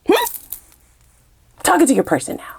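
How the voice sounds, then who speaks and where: A fiery woman tarot reader, swearing as she talks. Her fairly high voice leaps all over the place, dropping low one moment and shooting up the next. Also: wildly swooping pitch, normal speed, gravelly. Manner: fiery and profane, swinging from low mutters to high shouts. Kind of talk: animated tarot reading.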